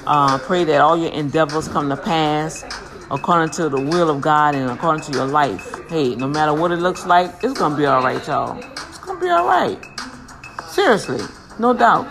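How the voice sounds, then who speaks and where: A woman hosting her own station, giving casual motivational talk and shout-outs, lively and slangy, speaking blessings over listeners. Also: low voice, normal speed. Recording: music playing behind.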